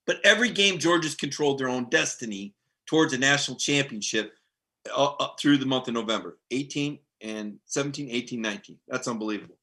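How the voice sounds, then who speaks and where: Middle-aged man, sports writer hosting a live stream, bright tone, animated and rambling, reads viewer comments aloud, casual chat. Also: mid-range voice.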